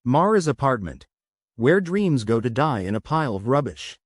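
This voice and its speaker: A hard-drinking male rebel in a spoken sci-fi story, full of mocking jokes, as the narrator puts him on. The pitch moves lively and the sound is dry and close. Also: moderate pace, no room sound. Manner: mocking, joking.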